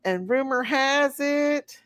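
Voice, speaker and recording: A woman's voice: high-pitched, slow, noisy background. A woman hosting a casual late-night live chat, greeting viewers one by one and laughing often. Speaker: livestream host.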